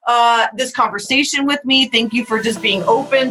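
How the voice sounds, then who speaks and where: A woman's voice: fairly high pitch, moderate pace, few pauses, over music, low-quality recording. A middle-aged woman hosting a podcast, talking frankly and emphatically in a candid conversation, swearing casually. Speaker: podcast host.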